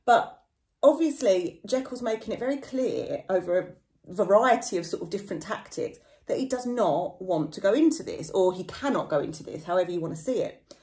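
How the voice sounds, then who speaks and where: A woman's voice: mid-range voice, lively intonation, fairly quick, a little mellow. A woman literature teacher talking through a novel in a casual, explanatory lesson, with lots of "sort of" hedges. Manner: chatty, full of "sort of" hedges; paraphrases characters in everyday slang.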